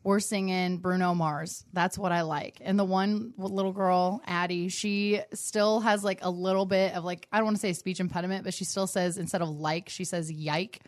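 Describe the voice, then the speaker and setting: A young woman telling a funny story in casual chat, animated and laughing, with lots of fillers. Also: fairly low pitch, normal speed, few pauses, no room sound, clean studio sound.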